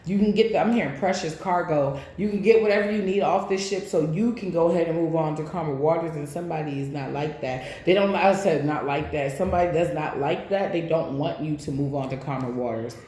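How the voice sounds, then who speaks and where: A woman's voice: low voice, brisk, few pauses, mellow, a little hiss or hum. A woman giving a casual tarot reading, speaking bluntly with plenty of swearing, straight to her viewers. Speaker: tarot reader. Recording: echoey room.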